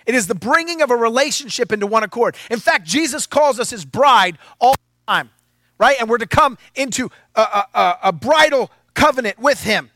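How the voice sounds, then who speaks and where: Male pastor, lively sermon with playful asides; high, bright voice, dry close sound. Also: normal speed, dry recording. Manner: animated and playful, with asides to the congregation.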